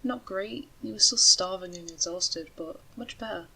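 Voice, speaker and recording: A woman narrating a story in a steady, measured way. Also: medium pitch, creaky, breathy edge, poor audio.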